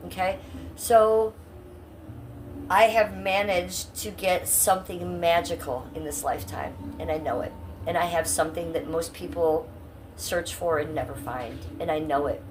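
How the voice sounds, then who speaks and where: A woman's voice: fairly low pitch, slight background noise. A middle-aged woman from Ohio chatting casually on a live stream, blunt and profane, reading out and answering her chat. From Cleveland, Ohio, USA.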